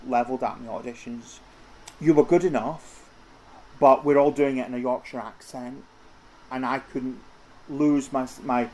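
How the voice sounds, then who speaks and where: A man's voice: mid-range voice, a little mellow. Chatty middle-aged man. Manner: chatty, rambling, with many restarts and fillers. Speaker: interview guest, costume house owner. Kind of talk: casual conversational interview.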